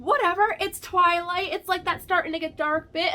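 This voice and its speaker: A woman's voice: high voice, normal speed, few pauses. A woman in her thirties hosting a vlog, telling a story casually with many fillers and laughs. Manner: animated, filler-heavy, laughs often. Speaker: vlog host.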